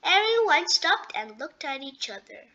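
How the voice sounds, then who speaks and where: Slow, high-voiced woman reading aloud. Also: big pitch swings, pushed and bright, lo-fi sound. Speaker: storybook reader. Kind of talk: children's read-aloud narration.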